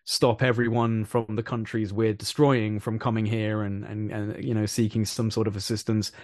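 A man in casual conversation, talking in an animated, rambling way and repeating phrases for emphasis. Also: lowish voice, normal speed, no room sound, studio quality. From England.

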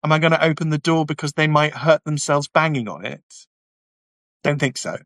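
A man's voice: a little high, normal speed, fairly bright tone, no echo. A man hosting a livestream, reading viewer comments and answering them bluntly, with sardonic asides. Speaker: YouTube channel host reading viewer comments. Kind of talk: casual livestream chat.

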